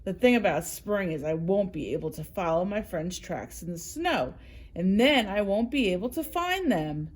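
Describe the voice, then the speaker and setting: A woman's voice: medium pitch, lively intonation, moderate pace, natural voice. A woman voicing a cranky rabbit in a storybook reading, grumbling and sulky. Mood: grumpy. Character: grumpy sleepy rabbit, complaining.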